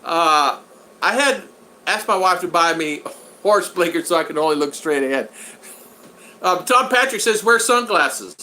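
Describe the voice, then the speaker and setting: An older man chats on his livestream, answering viewers in a loose, rambling and folksy manner with plenty of jokes. His voice sits a bit high for a man and has a bright, forceful edge. A faint hum of room sound runs underneath. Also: expressive, measured pace, poor audio. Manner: rambling and folksy, joking, repeats phrases. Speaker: channel host. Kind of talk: casual livestream chat reading viewer comments.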